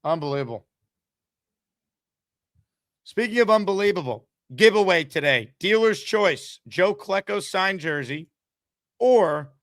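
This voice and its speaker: A man hosts a live sports call-in show, reading giveaways and chatting with callers in a fast, hyped delivery. His voice is bright and forceful and sits a bit high for a man, recorded dry and close. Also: dry recording. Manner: energetic, hyped, fast promo reads. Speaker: sports talk show host.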